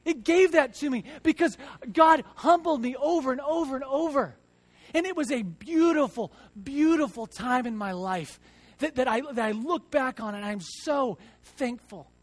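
A man in his thirties delivers a sermon in a church, his voice strikingly high. He talks earnestly, rising to loud emphasis and then dropping to hushed reflection, often repeating words. The sound is close and dry. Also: moderate pace, dry recording. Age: 30s. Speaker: church teacher. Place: church, before a congregation.

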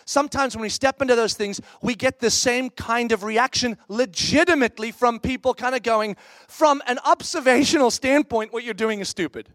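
A man's voice: very high-pitched, normal speed, no echo. A middle-aged man, a pastor, giving a conversational sermon, telling a story candidly and acting out other people's reactions. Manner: candid, animated, acts out quoted reactions.

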